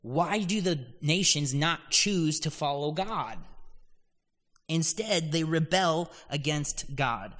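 A man's voice: on the high side, animated, slow, a bit bright. A man preaching a sermon on a psalm, teaching earnestly and giving God's words extra emphasis. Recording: long hall reverb.

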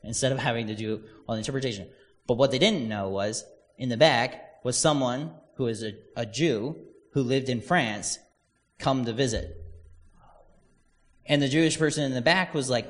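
Conversational preacher in a reverberant hall. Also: male voice, mid-range voice, moderate pace. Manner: conversational, storytelling with quoted voices. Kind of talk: casual sermon.

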